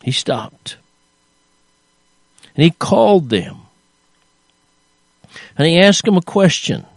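A man's voice: a little high, big pitch swings, takes it slowly, long pauses, dry recording. An older man preaching a sermon, earnest and emphatic, often restarting his phrases as he stresses a point.

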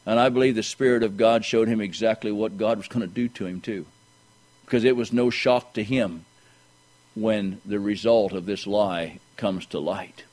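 A man's voice: steady tone, normal speed, darkish tone, rough recording. A man preaching a sermon, reading scripture aloud and often repeating words as he restarts his thoughts. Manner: pitch jumps higher when pressing a point.

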